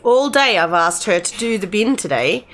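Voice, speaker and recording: A woman's voice: medium pitch, expressive, moderate pace, a bit bright, a little hiss or hum. A middle-aged woman commenting casually on a game, chatty and rambling, speaking to the characters as if they were friends. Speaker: gamer playing and commenting.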